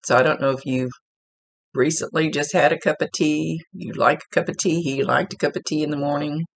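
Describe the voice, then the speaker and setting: A man's voice: on the high side, fairly even intonation, a little fast, creaky, fairly bright tone. A man working as a psychic medium, talking casually and rambling as he relays messages aloud. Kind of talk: casual spirit reading.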